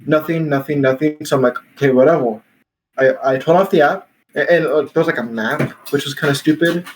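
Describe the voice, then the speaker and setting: A man's voice: a little high, brisk, poor audio. Young man telling a rambling story. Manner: rambling, full of "like" and restarts, laughs while telling. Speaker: podcast host. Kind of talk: casual storytelling chat.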